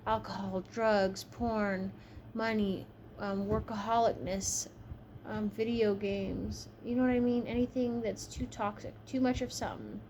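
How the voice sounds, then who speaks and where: A woman's voice: medium pitch, steady tone, a little slow, a little mellow, slight background noise. A woman giving a casual tarot reading, chatty and frank, tired from a long shift. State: tired, yawning. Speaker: tarot reader.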